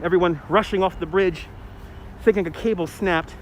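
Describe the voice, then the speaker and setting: A man's voice: high-pitched, moderate pace, low-quality recording. A man hosting a live walking tour outdoors, chatting to viewers and greeting them by name, recorded on a phone on a gimbal. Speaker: tour guide and livestream host. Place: outdoors on a city bridge and promenade. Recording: loud urban traffic noise.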